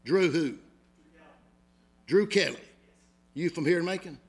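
Southern guy from georgia preaching, high gravelly voice, folksy storyteller. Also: lively intonation, measured pace. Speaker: pastor. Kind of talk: sermon with humorous stories.

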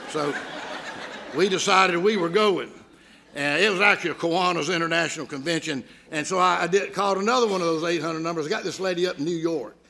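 A man's voice: a little high, sharp tone. A man with a Georgia Southern accent, a pastor preaching a sermon with folksy, humorous stories. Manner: folksy storytelling, gravelly voice.

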